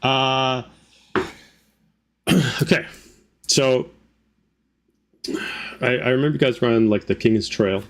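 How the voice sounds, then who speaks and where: A man hosting as dungeon master in a tabletop game, talking casually with halting speech full of fillers. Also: medium pitch.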